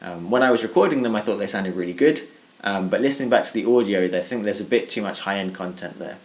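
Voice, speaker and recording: Male guitarist, lowish voice, measured and reflective, hedges his opinions. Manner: thoughtful and even, hedging with "I think" and "kind of". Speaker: guitarist reviewing his own tone clips. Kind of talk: measured spoken summary of a gear comparison.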